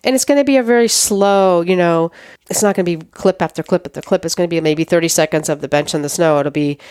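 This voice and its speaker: Middle-aged woman interview guest, animated storyteller, lowish smooth voice, close and dry. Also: quick pace, dry recording. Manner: animated storyteller who acts out quoted dialogue.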